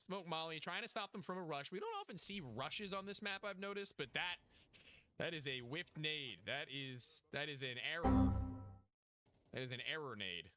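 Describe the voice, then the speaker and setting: A man's voice: fairly high pitch, expressive, normal speed, sharp tone, faint music behind. A young man casually commentating a game match, hyped and joking, talking to chat. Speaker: esports caster.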